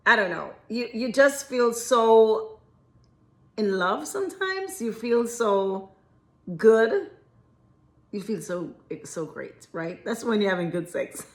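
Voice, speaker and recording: A woman giving relationship advice in a casual chat to camera, frank and chatty, often breaking into giggles as she addresses viewers. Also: on the high side. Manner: giggly, keeps breaking into laughter.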